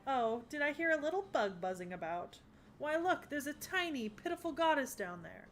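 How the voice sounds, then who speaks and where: A woman voicing a haughty goddess who rules the underworld, grandiose and commanding but quickly flustered, in an English anime dub. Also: big pitch swings, faint music behind. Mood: imperious. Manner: grandiose and imperious, then flustered and shrill. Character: haughty goddess queen of the underworld, proud yet easily flustered.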